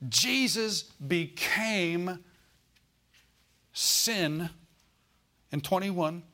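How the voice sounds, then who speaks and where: A man's voice: sits high, very slow, bright, forceful tone. A male pastor preaching a sermon in a folksy way, asking the congregation for amens and call-and-response.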